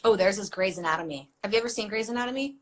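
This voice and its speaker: A young woman co-hosting a livestream in casual chat, quick to gush and keep the conversation moving. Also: medium pitch. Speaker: co-host of a livestream.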